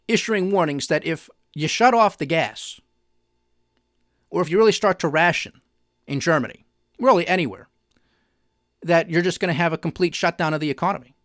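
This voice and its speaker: A man's voice: fairly high pitch, a bit bright, no room sound, studio quality. A man hosting a finance news show, giving emphatic, sarcastic opinion commentary straight to his audience.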